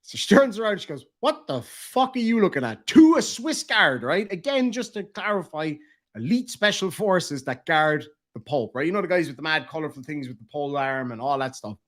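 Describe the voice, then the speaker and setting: Irish man, young adult, comic storyteller, lively swoops, fairly high voice. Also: a little fast. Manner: animated, laughing, swearing. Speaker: vlogger.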